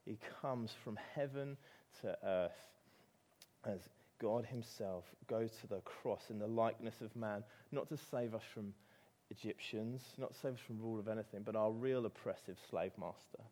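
A man's voice: lowish voice, moderate pace, dark tone. A man with an English accent preaching a sermon, telling a story with animation and rising to emphatic peaks.

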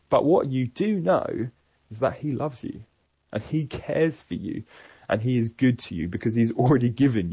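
Earnest man preaching, husky voice. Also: mid-range voice, darkish tone, dry recording, lo-fi sound. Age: adult parent. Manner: earnest, measured, reflective. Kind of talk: sermon-style Bible teaching.

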